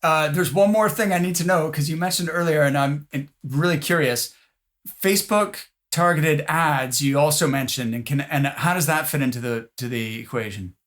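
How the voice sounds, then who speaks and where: A man's voice: on the high side, normal speed, a bit bright. A man hosting a podcast interview, asking questions and giving brief encouraging replies. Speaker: podcast host. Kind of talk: interview host.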